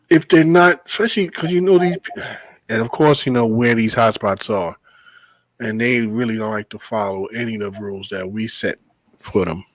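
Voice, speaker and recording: Animated swearing bus driver. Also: male voice, medium pitch, no echo, rough recording. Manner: animated storytelling, swears freely, laughs. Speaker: podcast host, bus driver. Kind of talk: casual chat.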